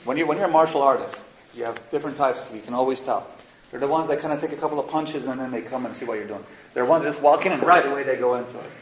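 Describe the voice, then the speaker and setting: A man leading a spiritual workshop, talking frankly and casually, with slang and the odd curse word. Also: mid-range voice. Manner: frank, animated, mixes slang and swearing. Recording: roomy echo, faint noise.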